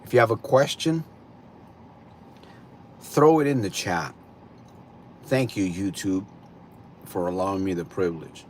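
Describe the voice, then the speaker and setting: A man hosting a live stream, greeting viewers and slowly posing reflective questions to them. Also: sits low, a little mellow, a little hiss or hum. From California. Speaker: livestream host.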